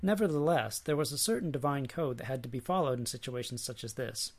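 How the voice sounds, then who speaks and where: A man lecturing and reading a book passage aloud in a measured, dry way. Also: medium pitch.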